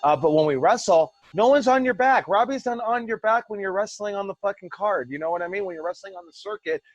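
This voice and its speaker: A man's voice: high voice, fast, no echo, lo-fi sound. A man coaching wrestling students over a video call, rambling and passionate, swearing freely. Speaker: wrestling school head coach. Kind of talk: casual online class talk.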